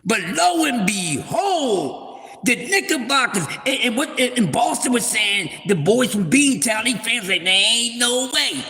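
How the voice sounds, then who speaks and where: Loud rambling man on a livestream. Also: very high voice, sing-song, measured pace, long reverb tail. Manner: loud, rambling, playful trash talk with shout-outs. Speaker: livestream host. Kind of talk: casual sports talk livestream.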